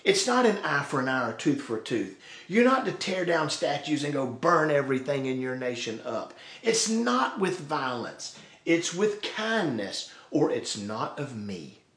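A man's voice: on the high side, very animated, measured pace, a bit bright. A male pastor preaching a sermon, acting out quoted voices along the way. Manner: preaching, voices God and the sarcastic people in quoted asides. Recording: roomy echo.

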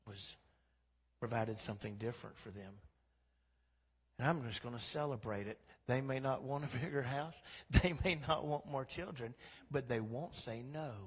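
A man preaching a sermon as pastor, swinging from quiet talk to loud, impassioned exhortation. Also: mid-range voice, husky, big-room sound. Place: church sanctuary.

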